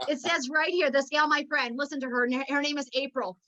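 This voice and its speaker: High, bright-voiced passionate woman. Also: fairly even intonation, a little fast, highs cut off. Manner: passionate, preachy, emotional. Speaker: network marketing team leader. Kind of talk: motivational meeting talk.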